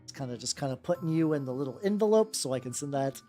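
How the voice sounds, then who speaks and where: A woman's voice: extremely low pitch, expressive, fast, mellow. A woman streaming while she paints miniatures, rambling casually, swearing freely and greeting her chat by name. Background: faint background music.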